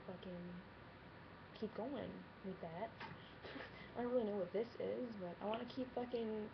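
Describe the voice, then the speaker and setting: A woman in her twenties talks straight to camera in a casual home vlog, open and blunt, with plenty of swearing and laughter. Her voice sits at an ordinary middle pitch for a woman. It comes through a slightly dull, lo-fi webcam mic with a faint hiss behind it. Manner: candid, swears a lot, laughs often. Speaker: vlogger.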